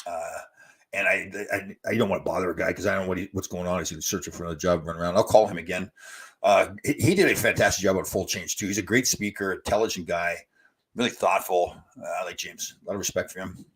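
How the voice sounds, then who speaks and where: Older guy hosting a live stream, husky lowish voice, reading out viewer questions and telling stories. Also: fairly even intonation, fast, a bit bright. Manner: chatty, storytelling, reads out viewer comments. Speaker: host.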